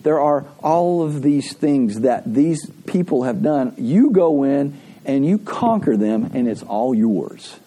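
Husky-voiced pastor preaching with lively pitch. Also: male voice, slow. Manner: conversational, animated storytelling with frequent laughs. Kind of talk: sermon.

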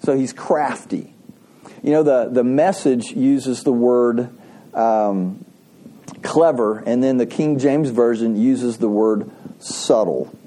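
Man preaching with a mellow, dark voice. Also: mid-range voice, takes it slowly. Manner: folksy storytelling, asks the congregation questions. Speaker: pastor. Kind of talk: sermon.

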